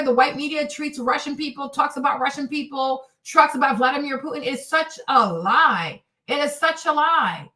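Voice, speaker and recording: High-voiced woman ranting on stream. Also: pushed and bright, far from the mic. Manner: emphatic, ranting, repeats points for effect. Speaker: streamer host. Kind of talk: live-stream commentary.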